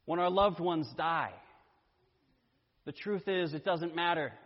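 Slow-preaching high-voiced male pastor. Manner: slow, deliberate preaching with dramatic pauses. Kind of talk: sermon. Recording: dull sound with long church reverb.

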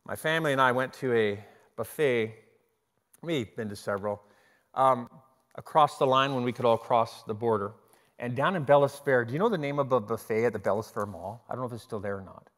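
A middle-aged man preaching a sermon, telling stories in an animated way and often restarting his sentences. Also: mid-range voice, brisk. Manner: animated storytelling with repeated restarts. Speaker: pastor. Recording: long hall reverb.

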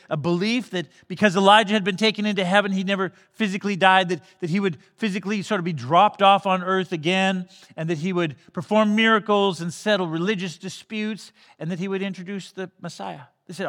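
A man's voice: sits high, steady tone, brisk, hardly any pauses, a bit bright, in a large hall. A man preaching a sermon in a conversational way, often restarting phrases and briefly acting out the people he quotes. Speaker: pastor.

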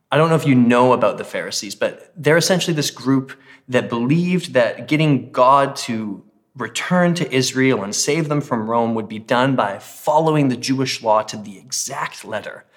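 A man who is a pastor, preaching a sermon in a casual, conversational way and reading scripture with emphasis. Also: medium pitch.

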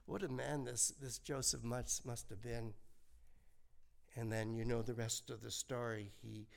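A man in his seventies preaching a sermon in a slow, conversational way, full of rhetorical questions and folksy asides. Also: mid-range voice, little pitch movement, gravelly. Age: 70s. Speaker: pastor.

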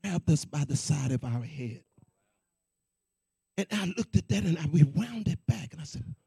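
A man preaching and telling a personal testimony in an animated, repetitive, conversational way. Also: on the high side, moderate pace, vocal fry, breathy edge, dry recording. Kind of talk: sermon testimony storytelling.

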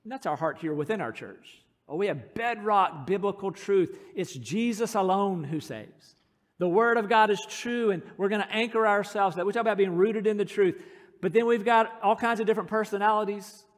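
A middle-aged male pastor with a fairly high voice, preaching in an earnest, storytelling manner with touches of self-deprecating humor. His voice carries a long reverb through a church sanctuary. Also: normal speed. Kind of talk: sermon.

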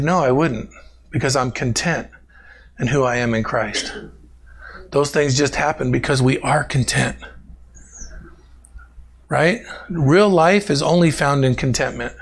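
A man preaching in a warm, chatty way, weaving personal stories into his sermon. His voice is a bit high for a man and has a gravelly edge. He often turns to the congregation and addresses people by name. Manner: animated, talks directly to congregation members by name. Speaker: pastor.

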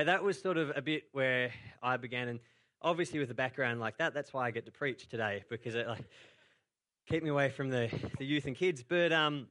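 A man's voice: fairly high pitch, bright, forceful tone. A young man preaching a sermon in a church, telling a story in a casual, chatty way full of filler words. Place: church auditorium.

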